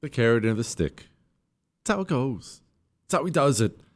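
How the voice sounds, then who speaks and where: A male talk show host delivers opinionated political commentary straight to his listeners. His voice sits in a middle register, and he is emphatic and sarcastic. He keeps breaking into high, mocking put-on voices. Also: big pitch swings, normal speed.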